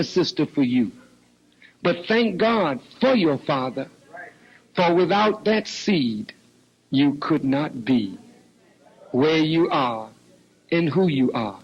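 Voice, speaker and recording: Older preacher with a husky, lively voice. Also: male voice. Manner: preaching, swinging from low murmurs to high shouts. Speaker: minister. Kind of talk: sermon. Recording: dull lo-fi recording.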